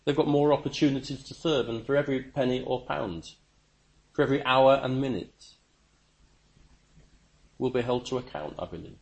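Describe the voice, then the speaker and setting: A man preaching a sermon, emphatic, with stammering restarts and sudden rises in pitch and volume. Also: moderate pace, creaky, long pauses.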